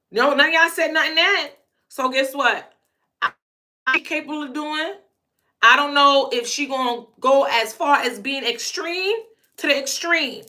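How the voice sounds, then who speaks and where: A woman's voice: sits high, bright, forceful tone. A young adult woman vlogger telling a personal story to camera in a blunt, emphatic way, often stuttering through repeated words.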